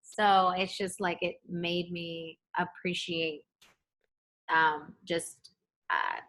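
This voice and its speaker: A young adult woman, a pop singer, chatting in a remote interview from home, animated and laughing as she acts out the people in her stories. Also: lowish voice, extremely slow. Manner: animated storyteller, acts out quotes, laughs often. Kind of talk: casual interview chat. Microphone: home setup, remote interview.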